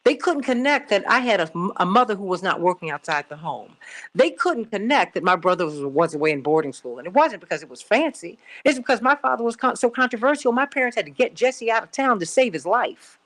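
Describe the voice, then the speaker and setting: A woman's voice: mid-range voice, sing-song, a little fast, fairly bright tone. A middle-aged woman from Chicago hosting a call-in radio show, telling a personal story emphatically and repeating herself for stress. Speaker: radio talk show host.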